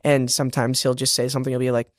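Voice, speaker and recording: Talking very fast in a level, mid-range voice, a young Boston stage actor guests on a podcast with a slight Boston accent. The chat is casual, full of laughs, fillers and restarts. The recording is dry and studio quality.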